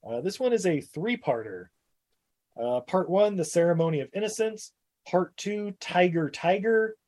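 A man's voice: high voice, animated, normal speed, darkish tone. A man co-hosting a casual podcast chat, laughing often and joking crudely. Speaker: podcast co-host.

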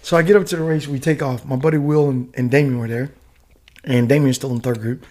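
A middle-aged man from the United States telling a story as a podcast guest, casual and profane, full of animated asides. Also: mid-range voice, brisk. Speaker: guest, retired Army warrant officer.

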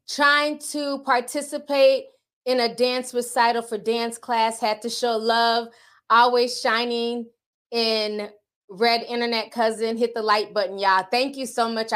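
Woman host, high and bright, sassy and animated. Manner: sassy, animated, calls viewers sis and honey. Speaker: podcast host reading super chats. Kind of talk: casual livestream chat.

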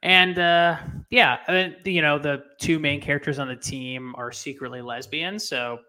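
A man's voice: fairly high pitch, fairly even intonation, moderate pace, bright, forceful tone. Laid-back chatty man co-hosting a podcast. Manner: laid-back, chatty, says "dude" and "like" a lot. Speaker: podcast co-host. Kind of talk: casual chat.

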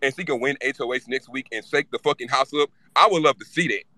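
Man guest, bright forceful voice, fast irritated rant, swears freely. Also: medium pitch, dry recording. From Louisiana. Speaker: live-stream guest speaker. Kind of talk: casual fan chat.

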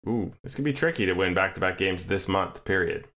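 Low-voiced man co-hosting a casual sports podcast. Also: lively intonation, a little fast, a bit bright. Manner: wry, joking, rambling asides. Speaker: podcast co-host.

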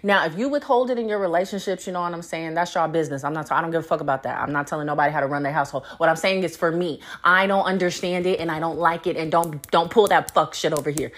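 Brief: woman podcast host, blunt, profane rant, lower voice, laughs a lot. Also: fast, hardly any pauses. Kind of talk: casual solo podcast rant.

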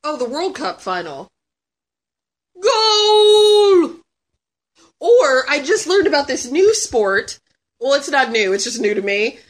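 A woman in her thirties, chatting casually as a guest and answering questions with lots of laughing, swearing and sudden shouts. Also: high-pitched, sing-song, moderate pace. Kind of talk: casual chat.

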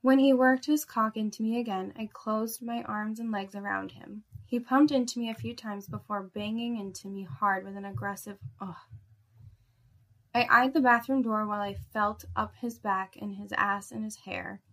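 Woman reading first-person erotic fiction, soft and intimate, with a gravelly fry. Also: mid-range voice, steady tone, moderate pace. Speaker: story narrator.

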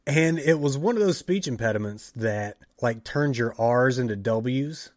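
A middle-aged man, telling a story in a casual chat, animated and often restarting his sentences. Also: mid-range voice, a little slow, no echo, studio quality. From Tennessee. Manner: animated, self-interrupting storyteller. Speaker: podcast storyteller.

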